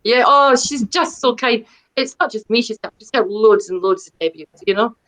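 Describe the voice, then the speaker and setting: This fairly high, fairly bright female voice belongs to a middle-aged first-time author appearing as an interview guest. She talks at a moderate pace, wandering off track, running herself down, and often restarting or using fillers. The recording is rough.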